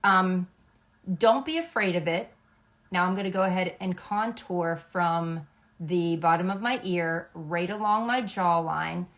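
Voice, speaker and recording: A woman's voice: lowish voice, unhurried, a bit bright. A middle-aged woman, a makeup artist, explaining a makeup routine step by step in a chatty, instructive way, often checking in with "okay?". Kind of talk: makeup tutorial.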